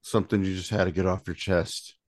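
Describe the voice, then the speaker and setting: A man's voice: sits low, level tone, fairly quick, no room sound, clean studio sound. A man co-hosting a podcast, chatting in a laid-back, joking way. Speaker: podcast co-host. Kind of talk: casual podcast chat.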